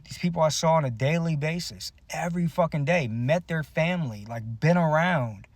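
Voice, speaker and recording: A man's voice: medium pitch, no room sound. A man and musician telling a personal story to camera in a blunt, bitter, profane way. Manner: bitter, aggrieved retelling.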